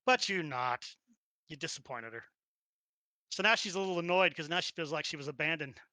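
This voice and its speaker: Brief: giggly woman game master, animated pitch, bright tone. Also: brisk, no echo. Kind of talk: narrating a tabletop game.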